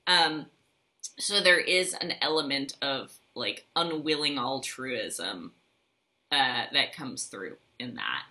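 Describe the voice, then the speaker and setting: A woman's voice: a bass voice, animated, slow pace, bright, forceful tone. A woman co-hosting a podcast in casual chat, wry and articulate, with dry asides. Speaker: podcast co-host.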